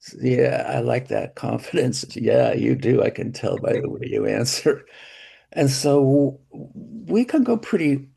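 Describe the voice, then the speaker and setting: A middle-aged man with a gentle, hesitant, gravelly voice, leading a therapy session demonstration with many restarts. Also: medium pitch, sing-song, unhurried. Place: symposium hall, hybrid session.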